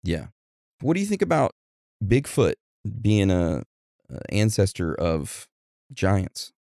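A man with a lowish, gravelly voice that swings up and down a lot as he talks. He co-hosts a casual podcast and jokes his way through listener shout-outs. The sound is close and dry, with no room around it. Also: slow, no room sound. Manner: animated, joking, reads listener shout-outs. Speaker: podcast co-host.

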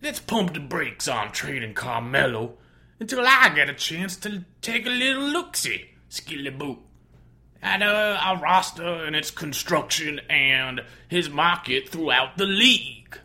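A man's voice: a little high, very animated, measured pace, sharp tone, pitched above the performer's own voice, full character voice. A man doing a folksy, drawling old-man impression. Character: drawling older man impersonating a famous musician.

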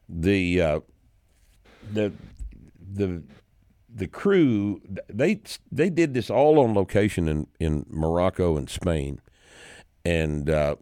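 A podcast host in his sixties with a very low voice chats casually about his favorite films, rambling loosely and often restarting sentences. Once he gets going he becomes loud and indignant, and the sound is dry and close with no room sound.

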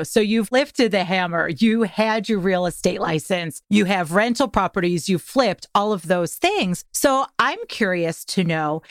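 A woman's voice: medium pitch, dry recording, studio quality. A woman hosting a podcast, asking upbeat, curious interview questions. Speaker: podcast host.

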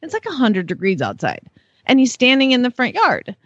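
Lively high-voiced woman telling a story. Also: moderate pace, no echo. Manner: animated, laughing, acts out quotes in high voices. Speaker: co-host. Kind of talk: casual chat, storytelling. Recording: dull lo-fi sound.

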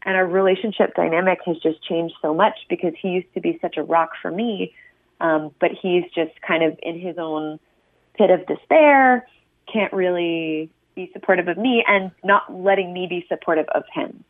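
A woman's voice: on the low side, steady tone, moderate pace, dry recording. A young woman calling in to a radio advice show, speaking hesitantly with lots of ums. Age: young adult. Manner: hesitant, many ums, nervous laughs. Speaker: caller. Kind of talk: phone-in caller telling her story. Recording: tinny phone line.

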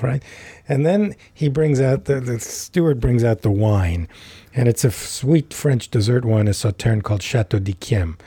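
Husky-voiced man telling a story. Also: mid-range voice, normal speed, no echo. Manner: animated, vivid storyteller. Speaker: podcast guest. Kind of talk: anecdotal storytelling.

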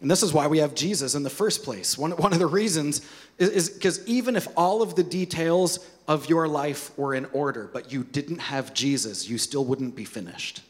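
A man preaching a sermon, telling stories and dropping soft and quiet for the key points. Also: a little high, moderate pace, long reverb tail. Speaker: pastor.

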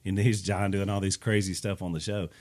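A man's voice: low-pitched, little pitch movement, a little fast, darkish tone. A man co-hosting a podcast, a preacher telling a story in casual chat and acting out what other people said. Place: studio table.

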